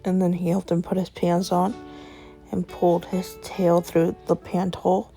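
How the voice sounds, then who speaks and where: A woman's voice: on the low side, flat delivery, measured pace, creaky, mellow, faint music behind. A woman telling an improvised story, chaining events together with "and then" in a rambling way.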